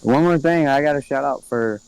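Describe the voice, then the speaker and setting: A young man as a podcast guest who streams games, chatting in a relaxed, laid-back way. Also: mid-range voice, moderate pace, creaky, clean tone, no room sound, low-quality recording. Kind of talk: casual chat.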